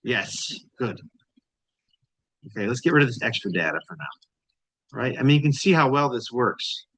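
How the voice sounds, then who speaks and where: A man's voice: medium pitch, expressive, normal speed, a bit bright, dry recording, rough recording. Emphatic man talking through market charts. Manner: emphatic, repetitive phrasing with frequent "right?" and "you know". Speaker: trading channel host. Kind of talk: casual chart commentary.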